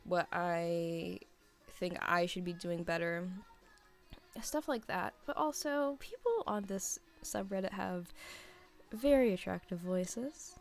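A young woman answers listener questions in a loose, rambling chat. She giggles often and fills her pauses with "um" and "like". Her voice carries a gravelly vocal fry, and soft music plays faintly underneath. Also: lowish voice, lively intonation. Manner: rambling and giggly, heavy on fillers. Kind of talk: casual chat.

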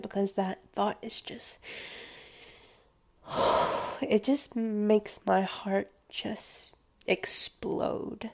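A woman speaking in an intimate confessional monologue, hesitant and halting, often slipping into soft whispers. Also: medium pitch, level tone.

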